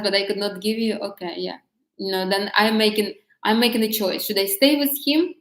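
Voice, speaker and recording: A woman talks frankly and casually, circling back on her own words as she goes. Her voice sits in an ordinary middle pitch. The room around her carries a noticeable echo. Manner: candid and chatty, with many restarts and laughs. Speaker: vlogger giving dating advice. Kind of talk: casual talk to camera.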